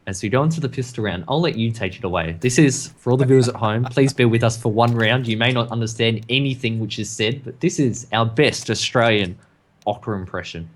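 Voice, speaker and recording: A man's voice: mid-range voice, a little fast. A man casting an esports match in a chatty, self-deprecating way. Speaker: esports caster. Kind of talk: esports commentary.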